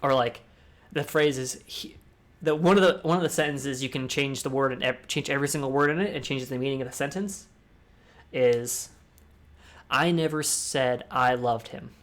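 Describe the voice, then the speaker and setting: A man's voice: mid-range voice, fairly quick. A young man from the United States giving a casual, rambling talk on public speaking, with restarts and asides. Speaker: discord talk host.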